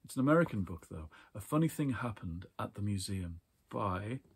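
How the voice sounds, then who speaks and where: A man casually chatting about books from his shelves, rambling warmly with fillers and small laughs. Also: on the low side, animated, moderate pace, breathy edge. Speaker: book vlogger. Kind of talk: casual book chat and reading aloud.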